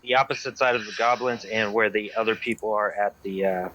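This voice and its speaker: A man at a tabletop game calmly lays out his character's moves in a casual, matter-of-fact way. His voice sits fairly low but has a bright, clear edge. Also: fairly quick, poor audio. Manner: plainly describes his character's actions. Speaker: player.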